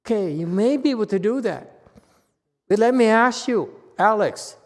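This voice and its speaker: A Buddhist meditation teacher with a Chinese accent gives a Dharma talk with audience questions, explaining ideas slowly and conversationally while often checking in with "okay?" His voice sits high and animated, trailing a long reverb tail.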